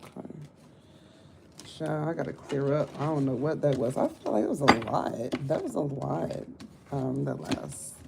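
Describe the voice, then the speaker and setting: A woman's voice: low-pitched, lively intonation, moderate pace, creaky, background noise. A woman giving a casual live tarot reading, blunt and talkative, cussing and joking to her viewers. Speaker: tarot reader.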